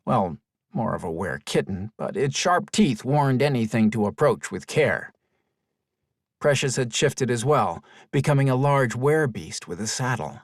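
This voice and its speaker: Male storybook narrator, animated pitch, mid voice, dry booth recording. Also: measured pace, dry recording. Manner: expressive storytelling. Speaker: audiobook narrator. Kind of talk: scripted narration.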